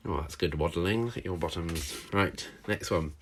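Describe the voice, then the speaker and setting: A male primary school teacher giving a recorded handwriting and phonics lesson, encouraging and sounding out letters slowly for young children. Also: lowish voice, fairly bright tone.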